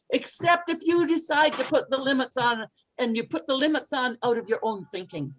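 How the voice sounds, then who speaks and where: Female English coach for an online class call; expressive, encouraging, reads lines aloud for students to echo. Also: sits high, normal speed, hardly any pauses. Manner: expressive, encouraging, models phrases for repetition. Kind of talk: online group pronunciation lesson.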